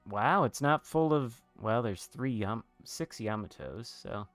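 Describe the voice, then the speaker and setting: A man's voice: medium pitch, lively intonation, slow, fairly bright tone, no echo, soft background music. A man giving casual commentary over a video game, chatting and muttering asides to himself as he plays. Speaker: gaming video host.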